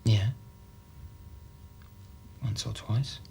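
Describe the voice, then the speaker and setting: An evasive Cockney suspect. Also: male voice, lowish voice, steady tone, extremely slow, vocal fry, dark tone, a little hiss or hum, full character voice. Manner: defensive, evasive. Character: evasive young male city trader suspect. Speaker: suspect in police interview.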